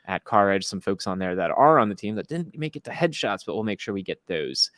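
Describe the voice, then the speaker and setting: A man hosting a casual live-stream chat, upbeat and quick with promotional patter. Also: fairly low pitch, very animated, a bit bright, no room sound, clean studio sound. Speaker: host.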